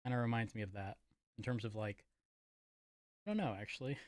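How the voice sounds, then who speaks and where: A man's voice: fairly low pitch, fairly quick, dry recording. Casual male streamer, loose self-correcting chatter, dead-dry close-mic sound. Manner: rambling, self-correcting, talks while eating. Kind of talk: casual chat while gaming.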